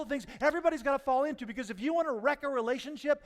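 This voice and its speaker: A man preaching a sermon as pastor, telling stories and swinging from quiet asides to near-shouts. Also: extremely high pitch, racing, hardly any pauses, in a large hall. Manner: storytelling, rising to near-shouts at punchlines. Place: church sanctuary.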